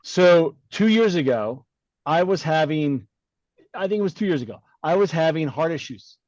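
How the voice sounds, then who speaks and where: A middle-aged podcast co-host tells a personal story in casual chat, blunt and animated, acting out the voices of the people involved. His voice is a little high at a normal speed, recorded dry with dull audio.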